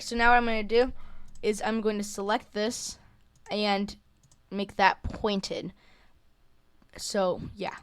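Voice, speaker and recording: Young woman, tutorial voice-over, smooth clear tone, dry close sound, casual, lots of ums. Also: medium pitch, dry recording. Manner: casual, hesitant, many fillers and self-corrections. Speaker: tutorial creator. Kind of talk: screen-recorded software tutorial.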